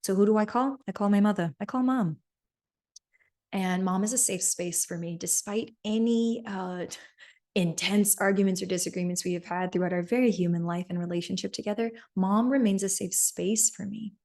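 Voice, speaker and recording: A woman's voice: mid-range voice, normal speed, a little mellow. A woman podcast host telling a personal story in an earnest coaching manner, often checking in with "right?".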